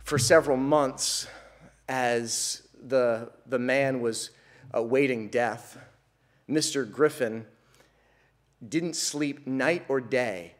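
A man's voice: mid-range voice, takes it slowly. A man preaching a sermon, telling an illustration story in an earnest way and then building to emphatic, repeated declarations.

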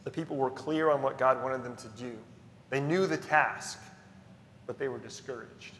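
A man's voice: mid-range voice, normal speed, a bit bright, echoey room, big-room sound, a little hiss or hum. A man preaching a sermon as pastor, earnest and emphatic, stressing key phrases through repetition.

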